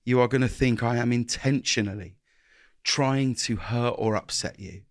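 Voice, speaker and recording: Earnest man, halting and reflective. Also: medium pitch, no room sound, clean studio sound. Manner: earnest, halting restarts, acts out dialogue. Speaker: guest. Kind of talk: reflective interview conversation.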